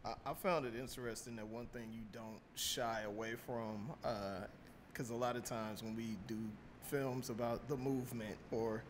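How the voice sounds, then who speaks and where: Thoughtful podcast host, faint rumble behind. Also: male voice. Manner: thoughtful, asks reflective questions. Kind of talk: casual podcast interview.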